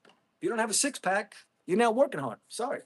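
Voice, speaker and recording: A man's voice: high-pitched, sing-song, fast talker, a little hiss or hum. A middle-aged man hosting a casual livestream, bluntly chatting with viewers and calling them bro. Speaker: livestream host. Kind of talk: casual livestream chat, reading comments.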